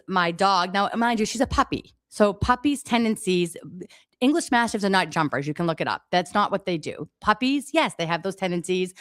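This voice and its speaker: Middle-aged woman guest on a talk radio show, low voice, dry close sound, emphatic and exasperated storytelling. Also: a bit bright, dry recording. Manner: emphatic, exasperated storytelling, acts out quoted exchanges. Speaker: daycare owner, guest. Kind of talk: radio interview, telling her story.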